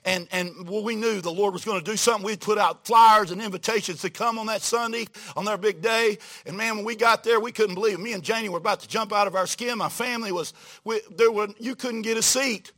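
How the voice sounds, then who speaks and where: Speaking fast and pitched high, this man delivers a storytelling sermon to his church congregation. He's folksy and lively, shifting from hushed quoted asides to loud outbursts.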